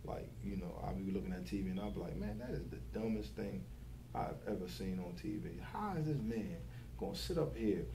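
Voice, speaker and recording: A man's voice: low-pitched, animated, a little fast, gravelly, background noise. A young man, a barber giving advice to new barbers in casual, profane chat, repeating his catchphrases. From Philadelphia. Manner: loose, swearing, repeats catchphrases.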